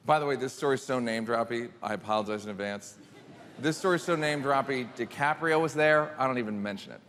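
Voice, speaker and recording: A man's voice: mid-range voice, fast talker, fairly bright tone, big-room sound, a little hiss or hum. A male stand-up comedian telling a rambling, self-deprecating story.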